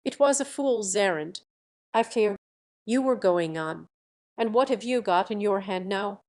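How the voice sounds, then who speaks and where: A woman reading a blustering middle-aged cake maker from a fairy tale. He is gruff and scolding, and his voice stays close to her ordinary reading tone. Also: mid-range voice, lively intonation, measured pace, darkish tone.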